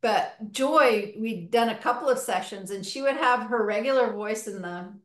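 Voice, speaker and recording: Higher-voiced lady on a video call, excited storytelling, bit echoey room. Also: normal speed. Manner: enthusiastic, storytelling. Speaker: hypnotherapy practitioner and host. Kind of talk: podcast conversation.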